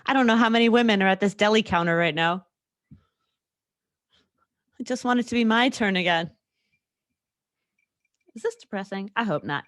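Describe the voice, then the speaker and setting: A woman's voice: mid-range voice, measured pace, pauses often, a bit bright, no room sound, clean studio sound. A young woman hosting a solo podcast, talking candidly and rambling, with frequent laughs and fillers. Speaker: podcast host. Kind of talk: casual solo podcast chat.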